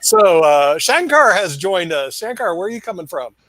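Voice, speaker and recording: A man's voice: sits high, very animated, moderate pace, bright, forceful tone, no echo. A man hosting a casual panel chat over a video call, joking and laughing often. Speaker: host. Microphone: video call mic.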